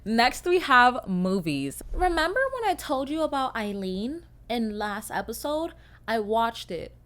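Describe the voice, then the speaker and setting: Young woman, podcast host, casual solo chat, swears a lot, animated, loud to soft. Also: a little high, measured pace. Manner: animated, swings from loud rants to quiet mumbles; swears freely.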